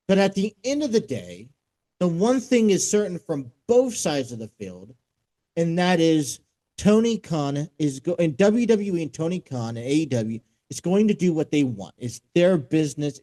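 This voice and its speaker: A man hosting a sports talk show, reading out a news story and commenting on it, halting with many fillers and restarts. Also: a little high, mellow, rough recording.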